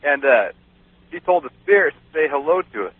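A man's voice: on the high side, sing-song, a little fast, breathy edge, no room sound. A man guest on a radio show telling a personal story in a rambling way, with many fillers and laughs. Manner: rambling, laughs often, many "you know"s. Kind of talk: casual storytelling. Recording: dry, phone-like radio sound.

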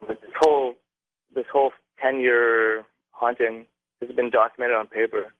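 A man's voice: mid-range voice, flat delivery, moderate pace. A young man from Canada, a radio caller, telling a long story with many fillers and restarts. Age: young adult. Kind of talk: phone-in storytelling. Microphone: phone. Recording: tinny dry phone line.

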